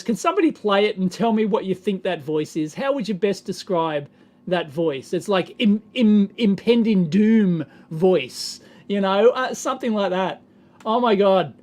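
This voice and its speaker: A man's voice: high-pitched, lively intonation, moderate pace. A middle-aged Australian man hosting a casual electronics livestream, rambling and exasperated, chuckling as he answers the chat.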